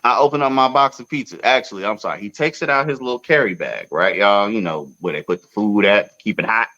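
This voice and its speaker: A man hosting a podcast, telling a long story in a casual, profane way with sudden loud outbursts. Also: fairly low pitch, fairly quick, muffled recording. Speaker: podcast host.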